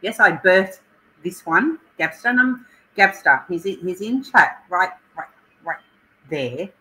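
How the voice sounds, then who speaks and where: In a roughly recorded home livestream, a middle-aged Australian woman calls out her viewers by name and chats with them emotionally. Her medium-pitched voice has a sharp tone and lively intonation, and her pace is measured.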